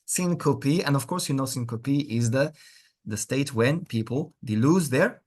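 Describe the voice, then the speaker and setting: Over a video call on a computer mic, a man teaches an online English lesson in an animated, medium-pitched voice, speaking a little slowly. He is encouraging, repeating words and praising often.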